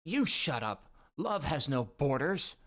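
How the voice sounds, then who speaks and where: A woman's voice: sits low, big pitch swings, slow, pitched above the performer's own voice, heavily acted. A man reading a manga aloud and voicing a proud, doting giant mother who defends her son. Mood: defiant. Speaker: manga reader.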